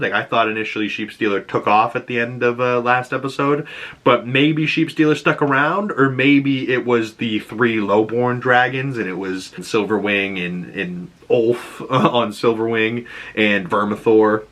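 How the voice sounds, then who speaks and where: A man casually breaking down a TV episode, excitable and swearing freely. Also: lowish voice. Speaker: YouTube show recapper.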